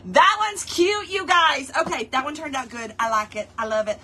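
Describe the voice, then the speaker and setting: A woman's voice: sits high, normal speed, sharp tone. A woman hosting a casual craft tutorial, chatting playfully with her viewers as she works. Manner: playful, chatty, talks straight to viewers and chat, laughs often.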